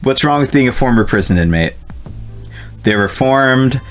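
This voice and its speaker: Animated and medium-pitched, a man from New Jersey plays a video game at normal speed with soft background music. He chats with his viewers, reads the game's text out, and keeps laughing and swearing in this laid-back let's-play.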